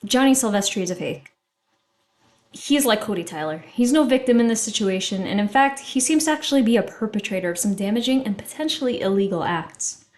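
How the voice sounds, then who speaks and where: A young woman giving casual, rambling commentary with strong opinions, often filling with "like". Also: mid-range voice. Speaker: commentary YouTuber.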